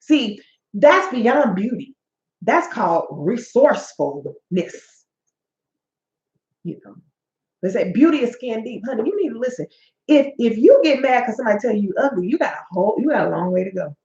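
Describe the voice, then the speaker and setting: A woman's voice: on the high side, sing-song, normal speed, darkish tone. A woman in her forties, a life coach and host, giving a preachy motivational talk that is full of stories. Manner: sassy, preachy, tells stories with acted-out quotes. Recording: echoey, dull-sounding room.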